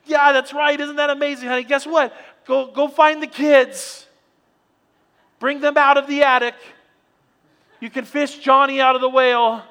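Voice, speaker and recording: Preacher playing an ecstatic forgiven man shouting news home; high, bright, hall reverb. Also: exaggerated voice. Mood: overjoyed. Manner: excited, breathless, rushing. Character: giddy forgiven debtor man phoning his wife.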